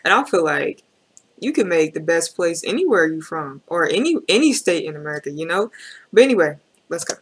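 A woman's voice: lowish voice, sing-song, a little fast, breathy edge. A woman hosting a reaction video, talking casually and chattily with slang and lots of fillers.

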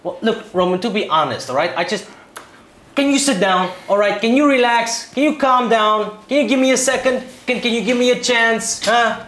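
A man playing a talent agent who tries to calm and win over his client in a salesy, placating way. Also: very high-pitched, moderate pace, roomy sound. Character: smooth-talking male talent agent. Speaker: actor in a short film scene. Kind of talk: acting-class film scene.

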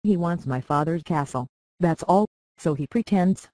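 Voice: mid-range voice, moderate pace, darkish tone, no room sound, close to an everyday voice. A reader voicing a petulant, clingy young boy lord in an audiobook, whiny and pleading. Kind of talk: audiobook character reading.

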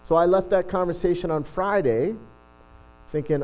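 Middle-aged male pastor, relaxed storytelling sermon, light voice, faint electrical hum. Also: high-pitched, moderate pace, rough recording. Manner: chatty, self-deprecating, frequent restarts. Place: church.

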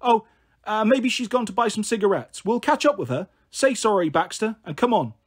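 A man's voice: sits high, animated, moderate pace, husky, pitched above the performer's own voice. Anxious young girl, as a man puts her on. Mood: urgent flustered. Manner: urgent, flustered.

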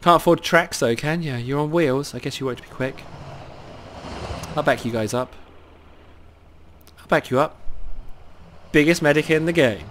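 A man with a cold giving excitable live commentary over his own gameplay, cheering on teammates and talking to himself. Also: a little high, moderate pace, long pauses, slight background noise. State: has a cold.

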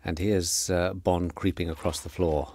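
A middle-aged man giving a relaxed, anecdotal film commentary as the director, with frequent fillers. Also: low-pitched, measured pace. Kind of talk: DVD audio commentary.

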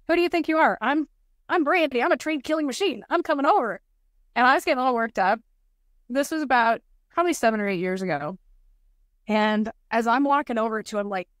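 A woman's voice: medium pitch, dry recording, clean studio sound. A woman in her forties, a podcast guest and nonprofit founder, telling personal stories in an earnest, heartfelt way and repeating motivational phrases.

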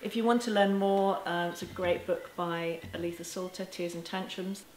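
A woman with a fairly low voice speaks gently and reassuringly, as if teaching parents straight to camera. The room around her is echoey, and a faint ambient hum sits under her voice. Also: level tone, moderate pace. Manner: gentle and reassuring, with soft laughs. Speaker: parenting educator. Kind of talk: talking to camera.

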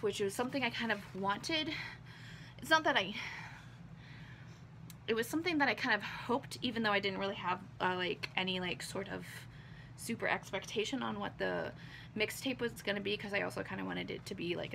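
A woman's voice: medium pitch, moderate pace, gravelly, sharp tone, a little hiss or hum. A young woman vlogger losing her voice, chatting casually through an unboxing, rambling with lots of ums and likes.

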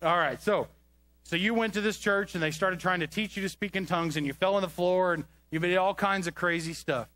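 A man runs a comedic children's skit on a church stage, speaking into a handheld microphone. His voice sits high, and he keeps scolding and coaxing a playful puppet dog, sounding exasperated. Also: brisk, fairly bright tone. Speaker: children's ministry presenter.

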